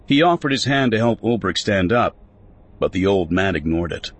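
A man reading a story aloud with a low, husky voice. His delivery rises and falls with lively, expressive pitch, as in a steady audiobook narration. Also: moderate pace.

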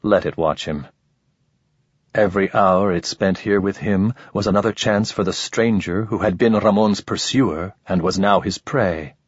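A man reading a story aloud in measured, even scripted narration. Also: low voice, husky, no room sound. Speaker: audiobook narrator. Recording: dull lo-fi recording.

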